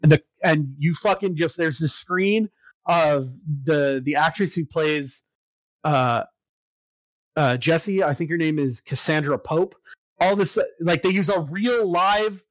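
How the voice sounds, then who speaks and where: A man in casual chat, recapping a video game story with lots of fillers and swearing, getting excited about it. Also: fairly high pitch, measured pace, dry recording, rough recording.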